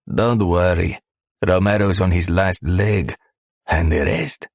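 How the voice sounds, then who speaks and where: A man's voice: sits low, slow, vocal fry, dry recording, clean studio sound, exaggerated voice. A man voicing crude, menacing male smugglers in an audiobook. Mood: dismissive. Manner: crude, menacing, tough-talking. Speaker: audiobook narrator. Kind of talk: scripted audiobook narration.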